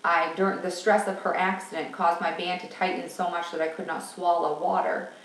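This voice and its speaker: A woman's voice: fairly low pitch, level tone, a little fast. A woman talking frankly and at length in a candid personal vlog. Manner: chatty and frank, rambling. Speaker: vlogger. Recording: roomy sound from a distance.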